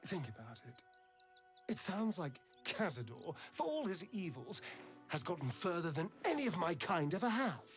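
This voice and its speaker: A man's voice: on the high side, very animated, normal speed, faint music behind. An actor playing a vain, scheming male vampire spawn elf who speaks in a silky, dramatic way, savoring his words, in a video game. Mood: ambitious.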